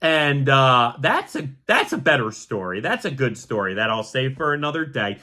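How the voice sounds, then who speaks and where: A young man from the Philadelphia area talks through his solo podcast in a loose, chatty way. His voice sits high and swings widely in pitch. The tone is bright and forward, with animated storytelling. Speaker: podcast host. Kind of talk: casual solo podcast talk.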